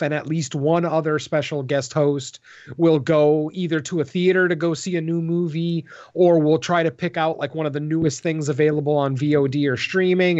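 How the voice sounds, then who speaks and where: A man co-hosting a horror podcast, chatting casually and rambling with many fillers. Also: on the high side. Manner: rambling, filler-heavy, laughs easily. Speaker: podcast co-host. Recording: dull lo-fi audio.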